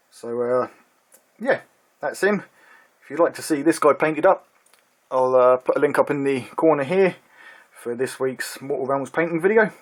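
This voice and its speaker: Chatty man reviewing a hobby magazine. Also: medium pitch. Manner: relaxed, chatty, frequent ums and uhs. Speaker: miniatures hobby channel host. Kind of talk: casual product review.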